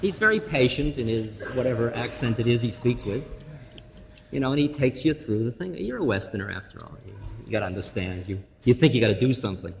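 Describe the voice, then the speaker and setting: A man's voice: mid-range voice, animated, gravelly. Man giving a humorous spiritual talk in a hall. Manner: rambling, humorous storytelling with laughs and slow drawn-out phrases. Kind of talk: informal spiritual talk to an audience. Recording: reverberant hall, faint noise.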